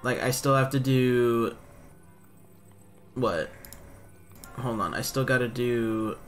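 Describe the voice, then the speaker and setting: A young man talks casually over his gameplay at a middle pitch. He rambles, thinks out loud and pokes fun at his own mistakes, with faint music underneath. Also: slow pace. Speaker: let's play commentator.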